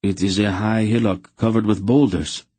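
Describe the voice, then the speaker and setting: A man's voice: on the low side, steady tone, moderate pace, mellow, husky, dry recording. A man voicing an earnest young nobleman who speaks with urgent strain. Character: young male Arendish nobleman, earnest, gallant.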